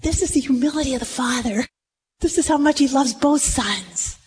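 A woman preaching a sermon to a room, retelling a story with animated, dramatic delivery. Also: high voice, normal speed, a little hiss or hum, rough recording. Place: room with audience.

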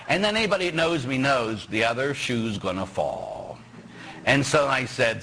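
A middle-aged man preaching as a Catholic priest, telling stories and acting out quoted voices with sudden shouts. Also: mid-range voice, expressive, moderate pace, vocal fry, a little hiss or hum, low-quality recording. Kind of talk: sermon.

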